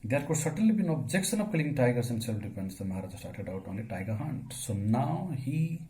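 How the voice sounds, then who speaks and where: Man lecturing his students, mid pitch, full of fillers, faint room noise. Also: sing-song, fast talker, poor audio. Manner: explains step by step, asks questions then answers them; many fillers, with sudden rises in loudness. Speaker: teacher. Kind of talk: classroom lecture on a story.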